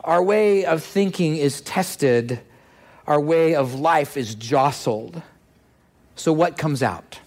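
A man giving a devotional message in the form of a story, reflective and pausing, with frequent restarts. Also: fairly high pitch, darkish tone. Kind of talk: sermon-style storytelling.

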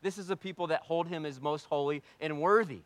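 A man's voice: on the high side, a little fast, dry recording. Emphatic man preaching a sermon. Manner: swings between hushed and loud, emphatic; rhetorical questions answered himself. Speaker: pastor.

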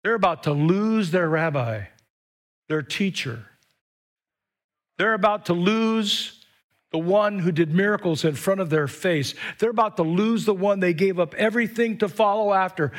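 Lively high-voiced man preaching. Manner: animated preaching with call-and-response and whoops. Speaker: pastor. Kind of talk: sermon. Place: church with live stream. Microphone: microphone.

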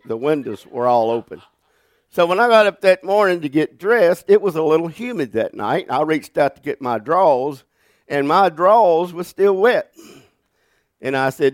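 A man, preaching as a pastor and telling a funny story in a folksy, animated way. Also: on the high side, no echo, studio quality. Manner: folksy, animated storyteller who laughs through his stories. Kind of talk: sermon with storytelling. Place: church sanctuary.

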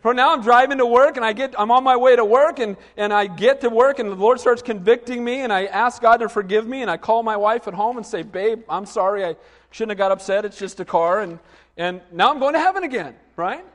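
A middle-aged man preaching a sermon, telling lively stories and asking the congregation questions. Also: extremely high pitch, a little fast, big-room sound. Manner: animated storytelling with asides to the congregation. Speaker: pastor.

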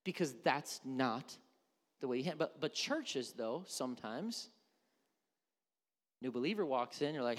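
A man's voice: medium pitch, animated, unhurried, pauses often. A male pastor preaching a conversational sermon, asking his congregation questions. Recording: reverberant hall.

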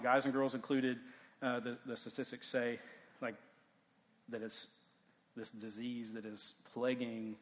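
A man in his thirties, a youth pastor, giving a casual, animated sermon full of stories and "like" fillers. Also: medium pitch. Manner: animated, chatty, heavy use of "like". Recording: long hall reverb.

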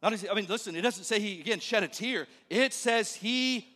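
A male pastor preaching a sermon in a church, conversational and joking, then dropping to a hush for emphasis. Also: high voice, a little fast. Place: church sanctuary. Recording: long reverb of a large hall.

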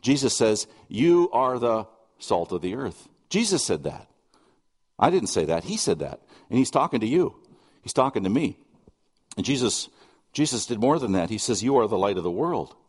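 A man's voice: mid-range voice, very animated, normal speed, husky, big-room sound. A middle-aged man preaching a sermon, earnest and conversational, mixing scripture with personal stories and asides. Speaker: pastor.

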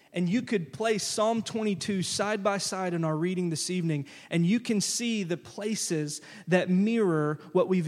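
A male pastor preaching a sermon, lively and conversational, slipping into casual phrases as he walks through a scripture reading. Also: high-pitched. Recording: long church-hall reverb.

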